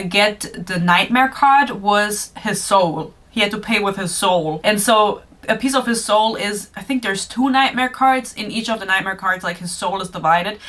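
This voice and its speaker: Chatty young woman, bright voice. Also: mid-range voice, distant mic. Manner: chatty, sarcastic, swears and laughs. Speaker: book reviewer. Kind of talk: casual book review chat.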